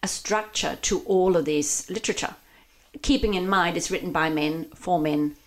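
A woman's voice: on the low side, moderate pace. A woman with a Danish accent, a mindfulness coach talking reflectively in a casual interview. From Denmark.

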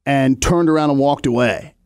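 A man's voice: medium pitch, normal speed, vocal fry, a little mellow, clear, resonant tone, dry recording, studio quality. A middle-aged man, a podcast co-host, telling a long story casually, laughing often and acting out the voices in it.

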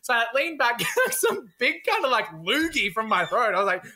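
A woman's voice: on the high side, very animated, fairly quick, sharp tone. A young woman telling a story in casual chat, acting out voices and laughing often. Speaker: podcast co-host.

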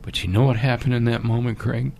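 A man telling an emotional story in halting bursts, then pleading urgently in a fundraising appeal. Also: medium pitch, fairly even intonation, creaky, darkish tone, a little hiss or hum. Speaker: charity appeal guest.

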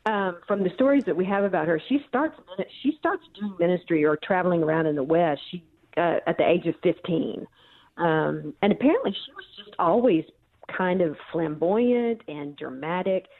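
Woman author on a phone line, lower-pitched, story-telling with many ums. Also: lively intonation, moderate pace. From central Missouri. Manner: thoughtful storyteller with frequent ums. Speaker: author and guest. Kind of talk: phone interview.

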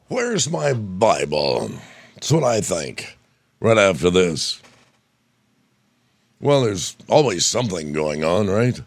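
An older man from Indiana delivers a folksy devotional talk in a very deep, low voice, his throat strained as though he is about to lose it. The sound is dry and close, with no room around it. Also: dry recording. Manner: folksy, storytelling. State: losing his voice. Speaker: radio preacher.

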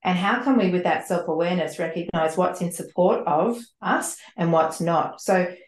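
A woman's voice: fairly low pitch, normal speed. A woman who is a leadership coach and author, answering podcast questions earnestly in long, flowing explanations and repeating words as she thinks. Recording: roomy echo.

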